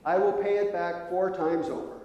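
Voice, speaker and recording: Preacher as a pleading, overwhelmed little tax collector, raised voice, echoey hall. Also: male voice, sits high, little pitch movement, moderate pace, mellow, highs cut off, pitched above the performer's own voice, close to an everyday voice. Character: short chief tax collector, overwhelmed and eager. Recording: echoey hall with long reverb.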